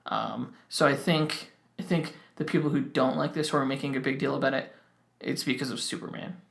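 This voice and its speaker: A man's voice: mid-range voice, steady tone, brisk, gravelly, fairly bright tone, reverberant. A young man co-hosting a podcast in casual chat, rambling with many restarts. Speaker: podcast co-host.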